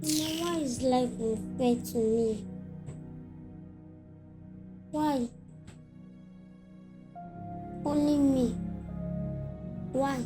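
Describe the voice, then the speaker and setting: A young Nigerian daughter with a very high voice, speaking Pidgin English in a plaintive, complaining way. Film music plays clearly behind her. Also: animated, measured pace. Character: hurt young Nigerian daughter, insulted and sulking. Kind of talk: Nollywood film acting.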